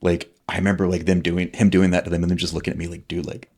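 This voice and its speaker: A man's voice: low-pitched, level tone, very fast, darkish tone, a little hiss or hum. A man in his forties, a military veteran guest, telling stories in casual chat, rambling with lots of fillers and freely swearing. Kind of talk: casual conversational storytelling.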